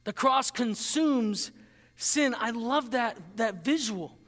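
High-voiced man preaching in a hall. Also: a bit bright. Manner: earnest, emphatic preaching with slow, stressed key phrases. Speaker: pastor. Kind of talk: sermon.

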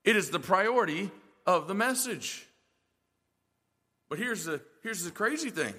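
A man's voice: high voice, expressive, measured pace, long pauses, sharp tone, slightly rough, big-room sound. A male pastor preaching a sermon in a church, emphatic and full of rhetorical questions.

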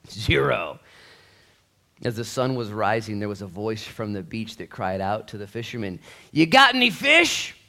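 Lower-voiced pastor preaching animatedly. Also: male voice, moderate pace. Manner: animated storytelling, acts out quotes. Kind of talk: sermon. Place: church.

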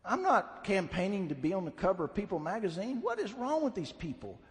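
High-voiced preacher in a reverberant hall. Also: male voice, big pitch swings, a little fast. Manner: blunt, emphatic preaching with rising fervor. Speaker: pastor. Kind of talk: sermon. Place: church sanctuary.

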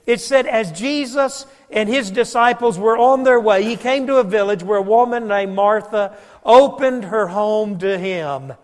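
A preacher delivering a sermon in a fairly high voice, mixing homey anecdotes with scripture. He drops suddenly soft for emphasis, and his words trail off into the long echo of a big sanctuary. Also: measured pace. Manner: folksy storytelling preacher, varies volume for emphasis. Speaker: pastor.

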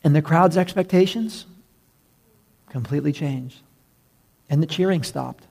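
Man pastor, sermon delivery, gravelly edge, emphatic with low drops on key words. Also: measured pace, a little mellow.

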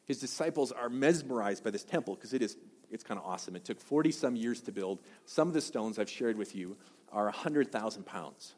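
Fast-talking preacher in an echoing hall. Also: male voice, medium pitch, animated. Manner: fast, conversational, loud bursts. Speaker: pastor. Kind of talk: sermon. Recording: long hall reverb.

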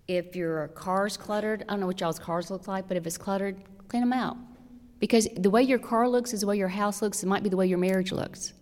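A woman's voice: mid-range voice, fairly even intonation, fairly quick, a little mellow. Earnest woman giving church advice. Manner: earnest, direct, emphatic advice with rhetorical questions. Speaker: church women's speaker. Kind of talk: practical marriage talk to a church audience. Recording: long hall reverb.

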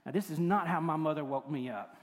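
A man's voice: fairly high pitch, brisk. Older male pastor preaching in a hall. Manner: shifts from forceful to hushed and tender. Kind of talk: sermon. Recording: long hall reverb.

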